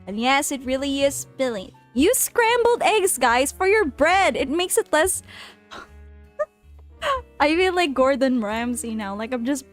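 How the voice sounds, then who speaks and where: A woman streaming a game and chatting casually with her viewers, animated and exclaiming, often in mock outrage. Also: high-pitched, slow, pauses often, faint music behind. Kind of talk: casual live-stream chat.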